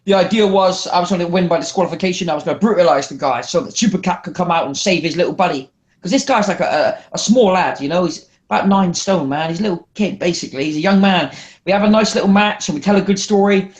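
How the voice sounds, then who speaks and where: A man's voice: sits high, quick pace. A man in casual podcast chat, telling stories animatedly, swearing freely. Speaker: wrestler guest.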